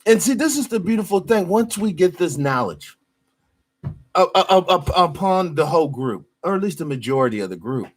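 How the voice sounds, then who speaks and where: Young male host, earnest and preachy, slightly high voice. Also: sing-song, moderate pace. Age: young adult. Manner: earnest, affirming, sermon-like. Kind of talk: talk show hosting.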